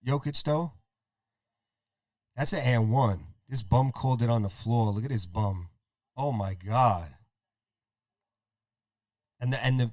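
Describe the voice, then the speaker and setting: A man hosting a podcast, casually calling a basketball game play-by-play, excitable and profane. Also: mid-range voice, no room sound, clean studio sound. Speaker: podcast host.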